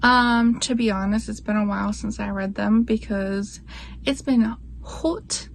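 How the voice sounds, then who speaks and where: A woman's voice: medium pitch, level tone, moderate pace, vocal fry, slight background noise. A young woman talking casually at home, gushing about books with lots of "like" fillers. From Florida, USA. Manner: chatty, gushing, many "like" fillers, baby-talks to her pet. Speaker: book vlogger. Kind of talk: casual book review chat.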